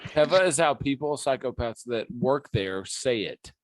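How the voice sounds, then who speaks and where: A man co-hosting a podcast, trading jokes and exasperated teasing in loose chat with friends. His voice sits at an ordinary pitch. The sound is close and dry, with no room echo. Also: expressive, moderate pace. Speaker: podcast co-host. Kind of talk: casual chat among friends.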